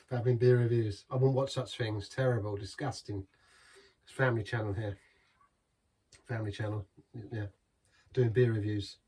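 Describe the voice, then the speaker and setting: A man's voice: on the low side, fairly even intonation, normal speed, long pauses, darkish tone, slightly rough, recorded from a distance. An English man hosting a casual beer review, rambling and waffling with chuckling asides. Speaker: beer reviewer, channel host.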